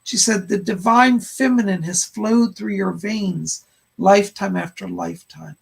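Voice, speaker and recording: Gravelly husky male psychic host. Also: high voice, fairly even intonation, measured pace. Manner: relays spirit messages, frequent "he said" and "hold on". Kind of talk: live-stream psychic readings of chat questions.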